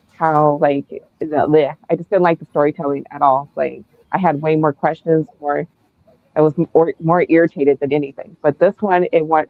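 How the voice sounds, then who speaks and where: A woman's voice: low-pitched, dry recording. Book club host, woman, blunt and profane, tinny dry call audio. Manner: blunt, profane and emphatic when ranting. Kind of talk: casual podcast discussion. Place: remote video call. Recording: tinny phone-like dry sound.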